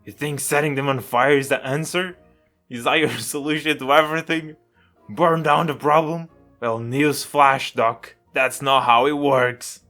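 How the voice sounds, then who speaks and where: A man's voice: fairly high pitch, normal speed, faint music behind. Man voicing a furious, desperate young hero. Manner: shouting angrily, outraged.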